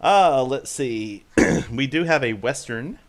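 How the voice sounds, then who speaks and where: A man's voice: medium pitch, lively intonation, slow pace. A man on an improv stream reading audience suggestions, upbeat and laughing easily. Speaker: show producer reading suggestions. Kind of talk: casual chat.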